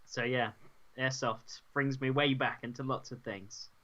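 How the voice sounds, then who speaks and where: A man's voice: mid-range voice, fairly even intonation, unhurried, pushed and bright, lo-fi sound. A man casually telling nostalgic stories to his brother, rambling and laughing along the way. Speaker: guest, the host's brother. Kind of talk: casual storytelling chat.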